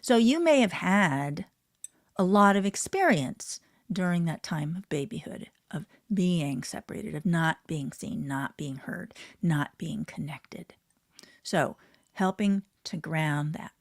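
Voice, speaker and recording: A woman sound healer leading a guided healing meditation, speaking softly and slowly and often dropping to a whisper. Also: on the low side, expressive, no echo, studio quality. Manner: soft, slow, often drops to a whisper.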